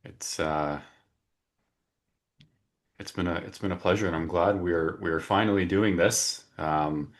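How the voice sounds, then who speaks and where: A very low-voiced man opens a webinar over a video call. He talks casually, with plenty of filler words and restarts. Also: measured pace, long pauses. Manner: chatty, frequent fillers and restarts. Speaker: webinar host.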